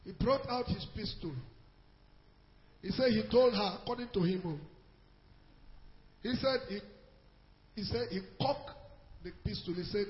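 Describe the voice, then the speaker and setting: A man with a Nigerian accent preaching a sermon to a church, telling a story with hushed asides and shouted exhortations. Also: sits high, a little slow, long pauses, big-room sound, dull audio. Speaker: pastor.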